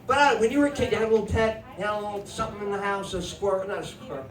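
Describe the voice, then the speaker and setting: A man's voice: sits high, rapid-fire, a crowd in the background. A middle-aged man doing stand-up on a comedy club stage, telling a story and acting out his family's voices. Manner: animated, acts out family voices, shouts punchlines. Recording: echoey club from a distance with noise.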